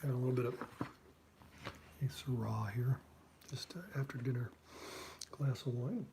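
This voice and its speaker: A man's voice: mid-range voice, fairly even intonation, a little slow, creaky, noisy background. A man who is a cartoonist, chatting in a rambling way with many fillers and asides while he draws. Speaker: cartoonist drawing on stream. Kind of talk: casual chat while drawing.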